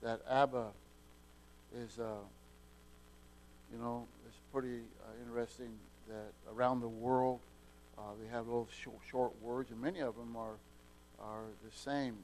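A man delivering a plain-spoken sermon in an ordinary middle-pitched voice. He stumbles and repeats words as he works through a point, then surges loud on the key lines. It sounds like a homespun pulpit talk. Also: little pitch movement, moderate pace, a little hiss or hum, poor audio. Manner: folksy preaching, repeats words, swings from quiet to loud. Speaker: preacher.

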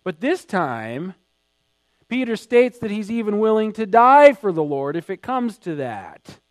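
Male pastor, slightly high voice, emphatic sermon delivery, dry sound with hum. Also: big pitch swings, unhurried, no room sound. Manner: emphatic preaching, swelling louder in acted quotes.

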